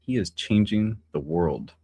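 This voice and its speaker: Here a livestream host talks alone, his fairly low voice mellow and a little rough, with lively intonation and a slightly slow delivery. The recording is dry. His casual, philosophical rambling is packed with fillers and restarts, plus chatty comments aimed at viewers.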